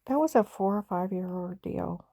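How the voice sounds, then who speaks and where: This middle-aged mother tells a painful family story in a casual, rambling, emotional way, full of fillers and restarts. Her medium-pitched voice is animated, gravelly and mellow, at a moderate pace with no echo.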